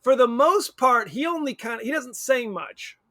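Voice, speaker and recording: Man, podcast co-host, high and bouncy voice, bright tone, dry close sound, rambling wry movie chat. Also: animated, normal speed, no echo. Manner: rambling, wry, self-correcting.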